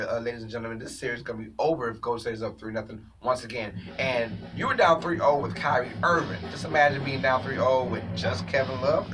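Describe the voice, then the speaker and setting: A man hosting a sports talk show, giving an opinionated, animated commentary monologue and addressing viewers as ladies and gentlemen. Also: medium pitch, distant mic, rough recording.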